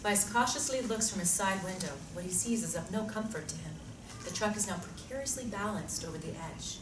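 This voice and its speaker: A woman reading screenplay narration with a steady, descriptive delivery. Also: medium pitch, fairly quick. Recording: echoey room from far off, noisy.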